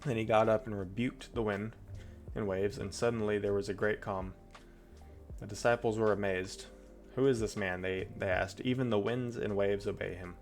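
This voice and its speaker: A man's voice: on the low side, fairly even intonation, moderate pace, faint music behind. A man streaming, reading Bible passages aloud and breaking off into chatty, loose asides. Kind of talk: casual Bible reading with commentary.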